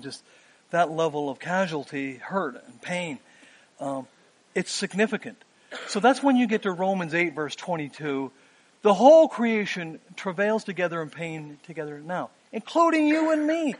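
Man, sermon, fifties, earnest, pauses with um, slightly high voice. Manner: earnest, rising emphasis with frequent "um" pauses. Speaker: preacher.

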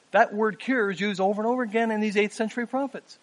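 A man in his fifties preaching a sermon, earnest, pausing with "um" and rising for emphasis. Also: high voice, steady tone.

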